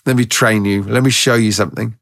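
A man voicing his calm, stubborn female dog as she refuses his commands in a matter-of-fact way, in a gravelly, husky voice. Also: lowish voice, a little fast, dry recording, studio quality.

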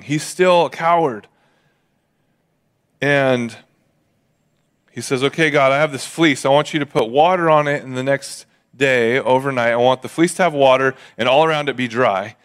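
A male pastor with a somewhat high voice delivers a sermon in an easygoing, chatty way. He keeps slipping into quick voices for the people in the story. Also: fairly bright tone. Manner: casual, acts out characters in quick voices. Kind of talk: sermon retelling a Bible story.

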